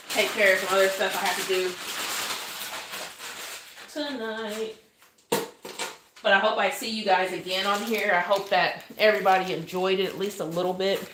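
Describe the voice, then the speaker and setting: A woman's voice: fairly low pitch, background noise. A woman chatting on a phone livestream while decorating cakes, apologetic and thanking viewers. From Oklahoma, US. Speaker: cake decorator. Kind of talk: live stream chat while decorating.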